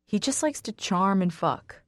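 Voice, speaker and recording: A blunt teenage boy who swears freely and teases his best friend, put on by a woman reading an audiobook. The lines come slowly and close to the mic, with no room around them. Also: mid-range voice, lively intonation, dry recording, close to an everyday voice. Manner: curses bluntly, teasing. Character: blunt protective teenage boy, crude and teasing.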